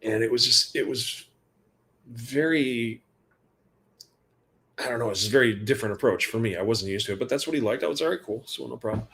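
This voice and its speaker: This guitar tech guest has a mid-range, slightly bright voice and talks a little fast, pausing often. In an interview he rambles through relaxed backstage stories, quoting what people said and laughing along the way.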